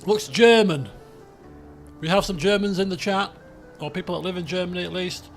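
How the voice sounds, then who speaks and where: Guy streaming a guessing game, high voice bouncing all over, bit of music in the back. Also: moderate pace. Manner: chatty, excitable, swears and jumps to shouts when annoyed. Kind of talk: casual live-stream commentary while playing a geography guessing game.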